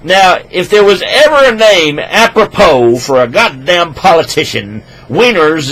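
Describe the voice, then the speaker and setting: A man ranting crudely into a computer microphone at his home desk, rambling and swinging between loud outbursts and low mutters. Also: sing-song, measured pace, poor audio. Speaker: vlogger. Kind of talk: rambling profane rant to camera.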